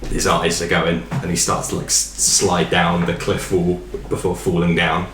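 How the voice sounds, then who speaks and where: A man narrating a tabletop game as dungeon master, in a relaxed, rambling way with fillers. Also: low-pitched, moderate pace, echoey room, a little hiss or hum.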